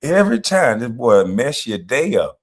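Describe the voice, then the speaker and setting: A man's voice: medium pitch, big pitch swings, normal speed. A man hosting a livestream, trading brash trash talk with the chat and breaking into laughter often. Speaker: livestream host. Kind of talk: casual livestream commentary.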